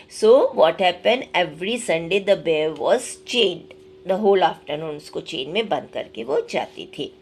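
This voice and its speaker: An Indian woman with a fairly low voice goes through a school reading lesson. She reads the story aloud and then retells each part more simply, slipping into Hindi at times. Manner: reads a line, then explains it again in simpler words, mixing in Hindi. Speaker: teacher. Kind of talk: explaining a textbook story in class.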